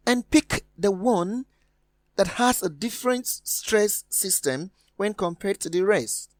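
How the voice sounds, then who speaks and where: A woman leads an exam-preparation lesson at an unhurried, careful pace, spelling out words and repeating them. Her pitch moves in wide, lively swings as she stresses each answer. The voice sounds dry and close to the mic. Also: no echo. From West Africa. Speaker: teacher.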